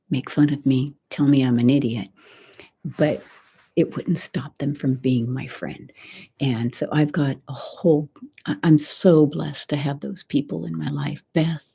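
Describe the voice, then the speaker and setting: A middle-aged woman hosts a soft-spoken ASMR live chat, very breathy and airy, often dropping into a whisper. Her voice sits low and mellow, and she rambles on close to the mic. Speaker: ASMR channel host.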